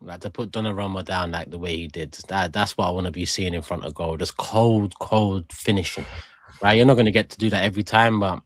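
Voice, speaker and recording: Deep-voiced man with blunt football reactions. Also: fairly even intonation, fairly quick, dry recording. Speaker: podcast panelist. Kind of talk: casual football podcast chat.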